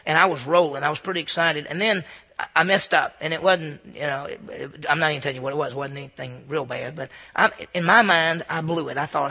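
Bright, gravelly man giving an earnest devotional. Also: on the high side, fast, big-room sound. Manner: earnest, with stammered restarts. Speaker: Christian speaker. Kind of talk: informal devotional talk to a group. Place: room with a group.

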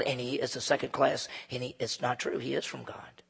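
A fervent male pastor delivers a sermon in a gravelly, somewhat husky voice that swings between hushed asides and loud emphasis. His pitch sits a little high for a man. A long hall reverb hangs behind him. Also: flat delivery, quick pace, few pauses.

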